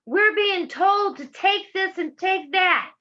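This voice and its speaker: A woman's voice: very high voice, slow, bright, forceful tone, lo-fi sound. A middle-aged woman from Georgia with a Southern accent, giving impassioned public testimony in a fervent, preacherly way. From Georgia, USA. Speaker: public speaker.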